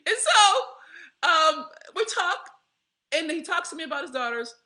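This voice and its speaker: A woman, telling a candid personal story to her viewers in a profane, animated way, laughing often. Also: very high-pitched, a little slow. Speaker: vlogger.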